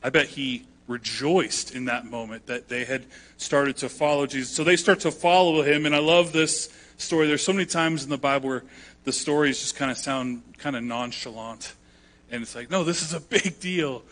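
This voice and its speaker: A man's voice: mid-range voice, normal speed, fairly bright tone. A man preaching a sermon in a conversational, emphatic way, acting out quotes as he goes. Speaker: pastor.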